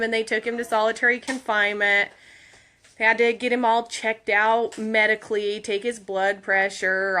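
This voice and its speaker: A woman with a medium-pitched, sharp-toned voice tells a rambling story in her casual vlog. A mom of school-age kids, she's updating followers about her husband and lets out a laugh now and then.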